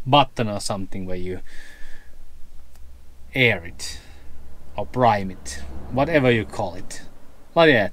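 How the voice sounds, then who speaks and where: Guy with a vlogging his road trip, slow and halting, keeps searching for words. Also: lowish voice, no room sound, low-quality recording. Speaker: travel vlogger. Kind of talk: casual travel vlog chat.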